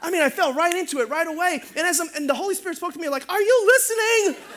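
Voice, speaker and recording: A middle-aged male pastor preaching a sermon in an animated, humorous way, calling out for amens. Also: very high voice, very fast, a faint crowd.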